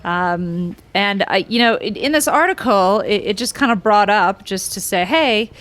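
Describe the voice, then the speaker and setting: Podcast host, woman, casual and rambling, middle pitch, lots of ums. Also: unhurried, no echo. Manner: rambling, excitable, many fillers. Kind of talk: casual chat.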